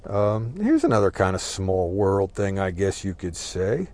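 A man's voice: low voice, very animated, unhurried, darkish tone, no echo. A middle-aged man from New Jersey telling a long, casual, rambling story, swearing freely and checking in with "right?" as he goes. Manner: rambling, profane, with frequent "right?" and "uh". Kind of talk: casual spoken monologue.

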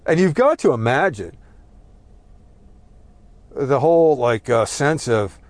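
A middle-aged New Jersey man tells a long, casual, rambling story, swearing freely and peppering it with "uh" and "right?" to check in. His medium-pitched voice is expressive and a little slow, with no echo.

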